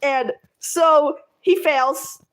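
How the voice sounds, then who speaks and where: Giggly, high-voiced woman rambling. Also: very slow, a bit bright. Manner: giggly, rambling with many fillers. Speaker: channel host. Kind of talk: casual storytelling while drawing.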